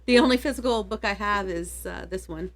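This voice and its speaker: A woman's voice: medium pitch, fairly quick, fairly bright tone. Easygoing woman co-host with a mid-range voice, laughs often, chats casually at home. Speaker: podcast co-host. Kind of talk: casual book chat. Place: home basement.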